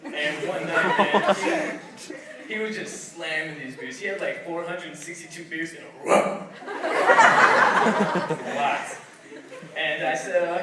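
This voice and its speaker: A man's voice: a little high, animated, unhurried, pauses often, crowd noise. A young man doing a stand-up comedy set, telling stories with acted-out quotes. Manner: hyped storytelling, acting out quotes. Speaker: stand-up comic. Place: live comedy venue. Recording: echoey hall from far off, loud noise.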